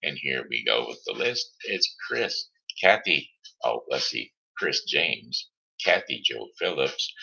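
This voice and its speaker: A man hosting his own homemade live show, stammering and restarting as he reads out shout-outs and the weather. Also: a bass voice, sing-song, slow, gravelly, slightly rough, highs cut off. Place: home setting.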